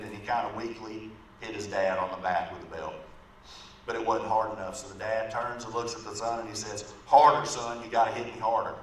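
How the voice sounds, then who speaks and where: A man's voice: fairly low pitch, fairly bright tone. A man preaching a sermon in a church, telling an illustrative story in a conversational way and often checking in with the congregation with "right?". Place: church sanctuary. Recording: echoey room from far off, faint background noise.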